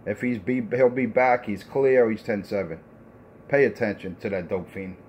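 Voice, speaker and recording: A man's voice: fairly low pitch, moderate pace, a little mellow, muffled recording, slight background noise. A man trash-talking over the radio, taunting and repeating himself, with plenty of profanity. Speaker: CB radio talker.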